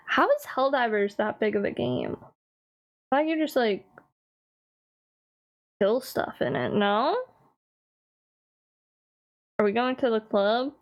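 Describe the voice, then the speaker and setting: A woman's voice: a little high, big pitch swings, takes it slowly, long pauses. A woman streamer chatting casually on a live stream, teasing and answering her chat with frequent laughs.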